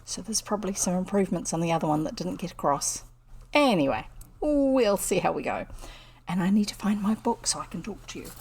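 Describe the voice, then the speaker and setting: A woman with a medium-pitched, creaky voice and a breathy edge chats casually on a livestream from her home desk. She rambles and cuts herself off as she tells stories, picked up by a computer streaming setup.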